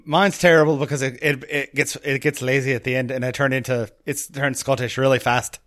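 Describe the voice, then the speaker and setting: A man's voice: mid-range voice, fairly even intonation, brisk, fairly bright tone. A man hosting a casual podcast chat, rambling and often cutting himself off. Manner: rambling, self-interrupting. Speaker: podcast host.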